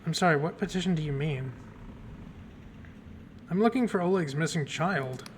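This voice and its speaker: A man's voice: a little high, normal speed, a little hiss or hum. A man streaming a game, chatting casually and joking at his own expense. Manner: chatty, self-deprecating. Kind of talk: casual let's-play commentary. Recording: game music playing behind.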